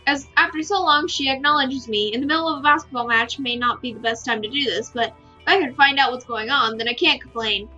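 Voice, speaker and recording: High, bright woman reading a game aloud. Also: a little fast. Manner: steady first-person narration with small stumbles. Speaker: game reader. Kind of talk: reading a visual novel aloud. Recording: slightly muffled with faint music.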